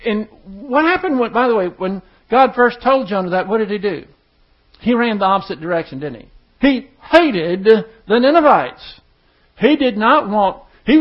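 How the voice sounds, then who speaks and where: A high-pitched man teaches scripture from the pulpit, acting out the voices in the text with lively emphasis. The recording is dull and lo-fi. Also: husky. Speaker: pastor. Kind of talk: sermon, Bible teaching. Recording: dull lo-fi sound.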